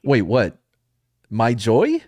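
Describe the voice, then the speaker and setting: A man's voice: medium pitch, huge pitch swings, very slow, a little mellow, dry recording. A young man hosting a podcast in a rambling, joking casual chat, laughing often. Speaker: podcast host.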